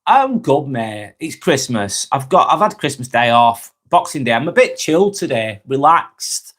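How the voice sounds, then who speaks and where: A relaxed man with a Lancashire accent, chatting live to viewers in a mid-range voice. He reads their comments out and replies in a friendly, unhurried way. His sentences often trail off softly at the end. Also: medium pitch. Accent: Northern English, Lancashire. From Northwest England. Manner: laid-back and friendly, trails off quietly at phrase ends, stumbles over words. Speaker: vlogger hosting a live stream.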